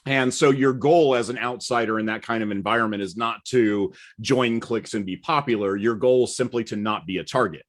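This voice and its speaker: A man who grew up partly in England, telling stories in a relaxed chat with dry, deadpan humor. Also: mid-range voice, brisk, hardly any pauses. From United States, partly raised in England. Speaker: guest. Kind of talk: casual storytelling chat.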